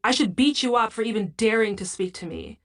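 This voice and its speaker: A man's voice: high voice, brisk, fairly bright tone. A woman reading the lines of an aggressive young man in an audiobook, in her own everyday voice. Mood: hostile.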